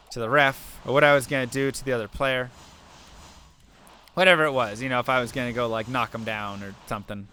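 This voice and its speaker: While gaming on stream, a young man chats casually with viewers, working through an earnest, rambling story full of fillers. He has a mid-range voice with a sharp tone, and there's slight background noise.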